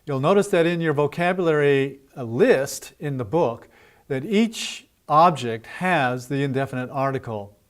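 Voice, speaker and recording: A man with a medium-pitched, expressive voice leads a teacher-training lesson, talking to teachers informally with plenty of "uh" fillers. He models drill phrases in a slow, deliberate way.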